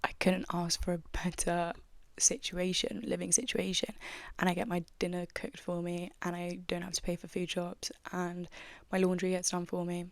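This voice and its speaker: A woman's voice: fairly low pitch, flat delivery, moderate pace, no room sound. A young woman hosting a podcast, chatting in a rambling, casual way with lots of likes and you-knows. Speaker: podcast host. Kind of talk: casual chat.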